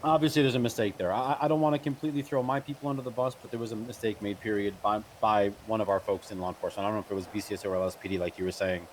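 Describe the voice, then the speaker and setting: A man playing a police captain in a roleplay, firm and measured, with frequent restarts. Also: on the low side, fairly even intonation, a little hiss or hum, poor audio. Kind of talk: in-character roleplay conversation.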